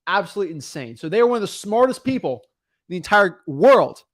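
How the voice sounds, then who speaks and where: A man hosting a podcast in casual chat, energetic and emphatic, rambling with frequent restarts. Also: high-pitched, fast talker, no room sound, clean studio sound. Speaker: podcast host.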